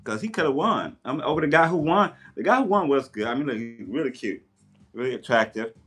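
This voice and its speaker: A man chatting casually on a livestream while he takes down his hair, telling stories with lively quoted voices. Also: medium pitch, a little fast, slightly rough, faint music behind. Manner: chatty, animated storyteller with playful voices in quotes. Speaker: live streamer. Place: at home doing his hair. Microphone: tablet mic.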